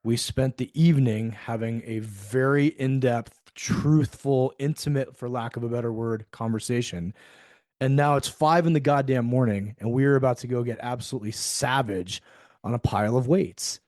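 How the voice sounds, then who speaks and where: A middle-aged man, a podcast guest, telling a story in a lively way, acting out the quoted dialogue and swearing freely. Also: mid-range voice, moderate pace, no echo, clean studio sound. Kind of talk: storytelling in a conversational interview.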